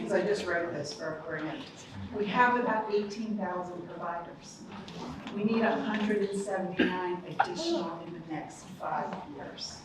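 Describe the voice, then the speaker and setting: Lady dean in her 50s, upbeat speech, mic far away, big booming hall. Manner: upbeat, chatty, addresses the audience directly. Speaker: college dean. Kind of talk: ceremony welcome speech. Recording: echoey hall, distant mic, background noise.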